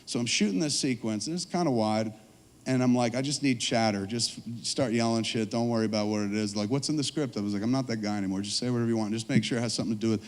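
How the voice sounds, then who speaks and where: A man's voice: medium pitch, fast, big-room sound. A man in his forties on a trade show stage, telling long, profane, rambling stories to a live audience. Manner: profane, animated, rambling anecdotes. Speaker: filmmaker guest speaker.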